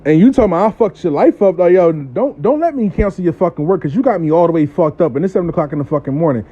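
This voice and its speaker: A man who works as a spiritual worker, telling a story about a client in a blunt, profane, animated way and acting out the voices. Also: on the high side, quick pace. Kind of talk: casual storytime monologue. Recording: dull lo-fi audio.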